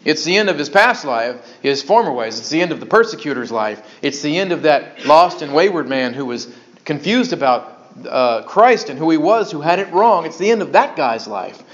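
Pastor, male, lively sermon voice with big swings, slightly high, dull lo-fi recording. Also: normal speed. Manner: animated, conversational preaching with sudden emphatic bursts. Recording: dull lo-fi sound.

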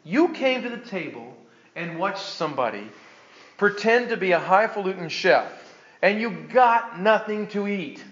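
A man's voice: high-pitched, sing-song, unhurried, a bit bright, highs cut off. A man preaching a conversational sermon to his church, joking and restarting his sentences as he goes. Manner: chatty, joking, stumbling restarts. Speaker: pastor.

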